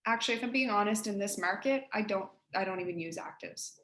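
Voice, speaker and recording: A woman with an East Coast Canadian accent, a real estate agent giving colleagues a casual, direct software tutorial. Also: medium pitch, fast talker, reverberant. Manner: chatty, direct, addresses listeners as guys.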